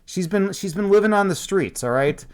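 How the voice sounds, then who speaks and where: A man's voice: high-pitched, expressive, moderate pace. A man hosting a casual Halloween stream, rambling and joking with his chat and laughing at himself, on a desk microphone at home. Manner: rambling, jokey, self-mocking, laughs often.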